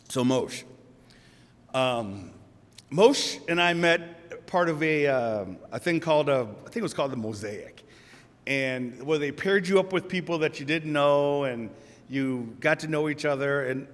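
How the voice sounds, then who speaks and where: A man in his forties tells stories in an emotional, conversational acceptance speech. His voice sits a little high. He speaks into a podium mic, and the sound rings with the long reverb of a large hall. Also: fairly bright tone. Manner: emotional, storytelling, conversational with laughs. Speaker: award recipient.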